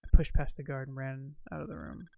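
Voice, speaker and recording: A man's voice: medium pitch, fairly even intonation, fairly quick, vocal fry, a little mellow. A man streaming a story game, reading its text aloud, stumbling over words and laughing now and then.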